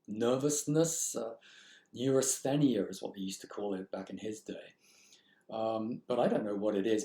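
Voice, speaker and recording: Man reading and unpacking a text in a recorded lecture, wondering aloud, middle pitch, reverberant room. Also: darkish tone. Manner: musing, asks rhetorical questions aloud. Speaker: literature lecturer. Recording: echoey room.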